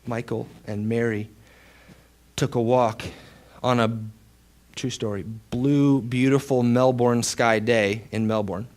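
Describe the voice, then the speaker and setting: A male pastor preaching a sermon with dramatic storytelling, dropping to a hush and then rising loud for emphasis. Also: mid-range voice, steady tone, slow pace. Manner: dramatic storytelling, swings between hushed and loud.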